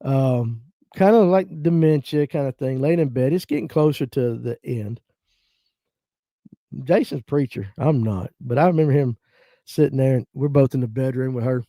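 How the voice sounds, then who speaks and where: A man's voice: mid-range voice, normal speed, mellow, dry recording, studio quality. A man in his fifties with a North Georgia Southern accent, hosting a casual livestream chat, reading viewer comments and telling folksy family stories. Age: 50s. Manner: folksy storytelling, acts out relatives' voices. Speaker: livestream host.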